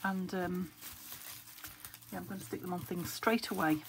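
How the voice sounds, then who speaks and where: A woman from England talks to herself over her craft papers. Her voice is low and gravelly, weak from a sore throat, and she often slips into a whisper. There is a noticeable hiss in the recording, and paper crinkles close by. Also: steady tone, moderate pace, long pauses, low-quality recording. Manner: chatty, thinking aloud, often dropping to a whisper. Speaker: craft vlogger. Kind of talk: casual chat while sorting craft papers. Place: craft room at home. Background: paper crinkling and clicks.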